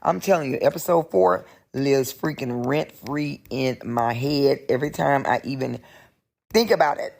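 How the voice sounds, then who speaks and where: A woman with a thick Southern Georgia accent calls in with an emphatic, animated message. Her voice carries a gravelly fry. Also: rumbling low, moderate pace. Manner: animated, emphatic, goes off on tangents. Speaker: caller leaving a voice message. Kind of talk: recorded voice message, casual rant.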